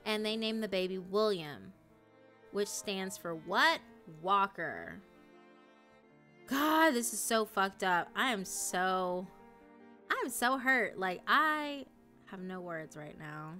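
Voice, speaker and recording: A young woman streaming live, chatting casually and emotionally, swearing often and swinging between loud outrage and low dejected mumbling. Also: big pitch swings, slow, faint music behind. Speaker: streamer reacting to a story.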